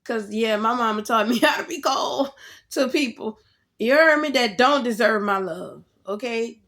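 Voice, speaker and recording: A woman giving a casual tarot reading straight to the viewer, animated and slangy, laughing often as she talks. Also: fairly high pitch, a little slow. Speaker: tarot reader.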